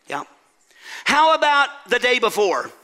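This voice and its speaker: A male pastor preaching an animated, dramatic sermon and quizzing his congregation. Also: extremely high pitch, unhurried.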